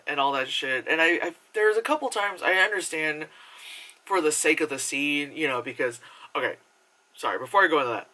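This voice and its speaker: A man's voice: mid-range voice, sharp tone. A man giving a casual, rambling movie review, full of fillers and swearing.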